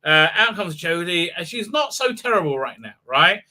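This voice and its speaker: Sarcastic, rambling man with a bright voice. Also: high-pitched, big pitch swings, moderate pace. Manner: rambling, sarcastic, many fillers and restarts. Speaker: host and reviewer. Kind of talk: live-stream commentary.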